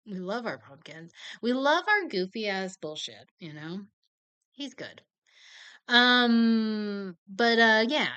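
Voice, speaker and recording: A young woman hosts a podcast in a bright, clear voice recorded close and dry. She rambles on in a self-mocking way, laughs often and swears freely. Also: mid-range voice, no room sound. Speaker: podcast host. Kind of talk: casual chat.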